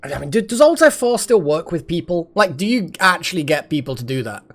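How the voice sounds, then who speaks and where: Lively rambling man streamer. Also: on the high side, fairly quick. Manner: rambling, chatty, swears and laughs often. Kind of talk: casual live-stream chat while gaming.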